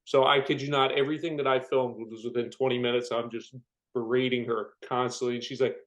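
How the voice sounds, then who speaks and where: This young man is a firefighter guest on a podcast, joking through his stories and acting out quotes in casual conversation. His medium-pitched voice stays fairly flat and fairly quick, and the recording is rough.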